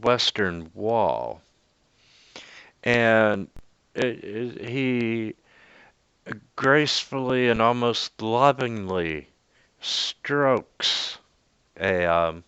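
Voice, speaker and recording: A man with a low, smooth, resonant voice, narrating a tabletop game at a very slow, halting pace. He trips over fillers and restarts as he describes the scene. The sound is dry and a little dull, like a voice call. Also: lively intonation, a bit bright, no room sound. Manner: hesitant, many fillers and restarts, laughs often. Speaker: game master.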